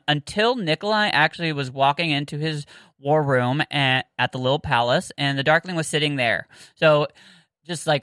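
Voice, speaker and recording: A woman's voice: deep voice, fairly bright tone, smooth, no room sound, poor audio. A Southern American woman co-hosting a casual book-discussion podcast, chatty and giggly with lots of fillers and restarts. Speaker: podcast co-host.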